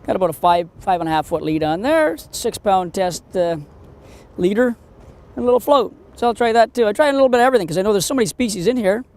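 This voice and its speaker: A man hosting a fishing show, giving excitable, exclamatory commentary outdoors from a boat on a lake. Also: high voice, quick pace. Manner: excitable, exclamatory, talks to the fish.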